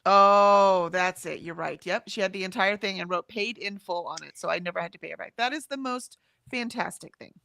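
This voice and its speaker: Bright-voiced chatty woman streamer. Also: medium pitch, moderate pace, vocal fry, slight background noise. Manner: reads chat comments aloud, chatty and laughing. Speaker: co-host of a livestream. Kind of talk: casual chat.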